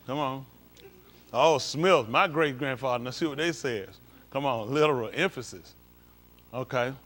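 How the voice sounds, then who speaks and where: A man's voice: medium pitch, a bit bright. A male pastor leads an informal Bible study, comparing translations and coaxing someone along with repeated "come on.".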